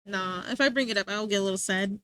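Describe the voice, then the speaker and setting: A young female streamer talks fast in a mid-range voice with a clean tone. It's casual desk-mic chat, energetic and slangy, packed with filler words.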